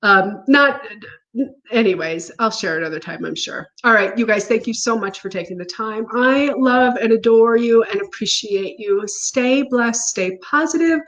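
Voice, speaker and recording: A woman's voice: fairly high pitch, moderate pace, a bit bright, poor audio. A woman talking to her viewers from home, earnest and encouraging, with a laugh now and then. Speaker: spiritual coach. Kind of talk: casual talk to viewers.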